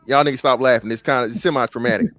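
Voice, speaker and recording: A man's voice: medium pitch, fairly even intonation, very fast, a bit bright, no echo. A man co-hosting a podcast, telling a story in casual chat, swearing freely and acting out the people he quotes. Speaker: podcast co-host. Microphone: studio microphone.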